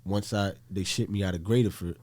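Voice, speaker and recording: A man's voice: sits low, steady tone, brisk, darkish tone. A man from Newark, New Jersey, a podcast guest telling a story in casual, blunt, profane talk and acting out the voices he quotes.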